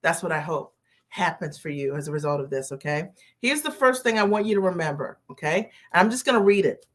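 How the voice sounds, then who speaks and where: A woman business coach hosting a live stream, greeting viewers by name and repeating her key phrases slowly for emphasis. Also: on the low side.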